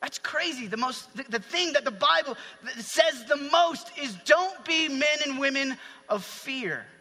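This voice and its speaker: A man delivers a sermon with animated energy, breaking into acted-out shouts. His voice sits high and sounds very bright. The sound carries a long hall reverb. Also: a little slow. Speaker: preacher.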